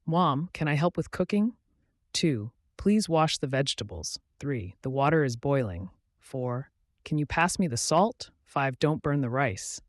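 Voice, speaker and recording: A man reading numbered everyday phrases slowly and clearly for learners. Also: mid-range voice, sing-song, dry recording, studio quality. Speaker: English teacher.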